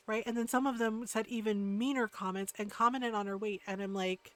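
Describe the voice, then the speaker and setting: A woman's voice: a little high, fairly even intonation, brisk, hardly any pauses, a bit bright. A woman streamer in casual chat, ranting heatedly with lots of swearing and frequent "like" and "right?".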